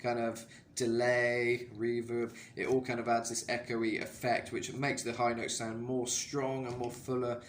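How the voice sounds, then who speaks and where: A man's voice: medium pitch, completely flat delivery, unhurried, few pauses, echoey room, slight background noise. A man coaching singing in a casual, rambling way, full of "kind of" and filler sounds. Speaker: vocal coach. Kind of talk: casual singing tutorial talk.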